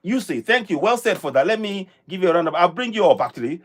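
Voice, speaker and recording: A man's voice: sits high, big pitch swings, fast talker. A man from Africa hosting a live stream, commenting on a clip in a rambling way with many fillers and restarts. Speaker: livestream host.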